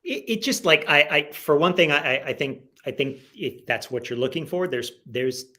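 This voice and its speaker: Animated rambling man on a call. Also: a little high, moderate pace. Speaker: guest comic writer. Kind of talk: casual interview chat.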